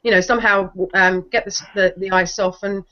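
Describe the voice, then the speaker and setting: A woman's voice: medium pitch, steady tone, moderate pace, pushed and bright. A woman chatting casually on a video call, talkative and apologetic. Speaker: hangout guest. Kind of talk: casual chat. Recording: dull lo-fi call audio.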